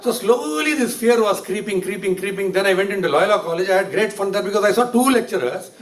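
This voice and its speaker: A man's voice: high-pitched, lively intonation, fast. An older man with an Indian English accent, telling funny anecdotes in a humorous lecture, recorded from far off in an echoey hall. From Tamil Nadu, India. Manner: anecdotal, punchline-driven storytelling. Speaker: humorist speaker.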